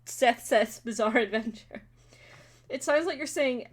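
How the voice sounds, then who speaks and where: A woman's voice: fairly high pitch, a little slow, breathy edge. A Scottish woman co-hosting a casual live stream, hesitant and giggly, often trailing off. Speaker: stream co-host.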